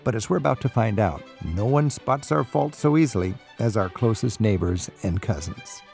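A man's voice: fairly low pitch, expressive, moderate pace, creaky, darkish tone, soft background music. A man hosting a radio talk show, asking questions in a jovial, inquisitive way. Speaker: radio host.

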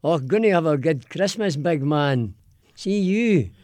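A man's voice: fairly high pitch, lively intonation, measured pace, a little mellow, no echo. A man putting on a hearty Glaswegian voice. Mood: jovial. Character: broad Glaswegian man giving holiday greetings.

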